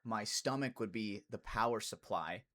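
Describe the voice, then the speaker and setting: A man's voice: on the low side, normal speed, fairly bright tone. A young man co-hosting a podcast in casual banter, laid-back and peppering his talk with "dude.". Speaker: podcast co-host.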